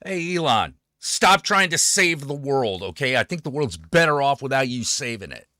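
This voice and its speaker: A man's voice: mid-range voice, sing-song, normal speed, sharp tone, no echo, clean studio sound. A man hosting his own stream, ranting in a sarcastic, profane way about politics. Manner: swearing, sarcastic, fired-up. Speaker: streamer host.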